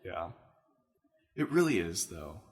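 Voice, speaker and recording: A man co-hosting a casual podcast chat, telling stories with animated laughter. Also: low-pitched, slow pace, husky. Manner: animated storyteller, laughs while telling anecdotes. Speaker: podcast co-host.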